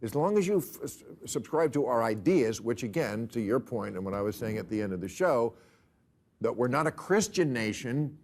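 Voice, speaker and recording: A man's voice: medium pitch, expressive, moderate pace, darkish tone, a little hiss or hum. A man hosting a panel discussion in a TV studio, with a dry, wry conversational manner. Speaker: talk show host.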